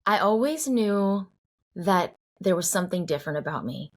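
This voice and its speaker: A woman in her forties from the Boston area speaks as an interview guest, voice sitting a little low. She talks in an earnest, searching way, circling back and restarting her thoughts as she opens up. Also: animated, moderate pace. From Cambridge, Boston area. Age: 40s. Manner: earnest, reflective, many fillers and restarts. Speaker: guest singer-songwriter. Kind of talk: heartfelt conversational interview.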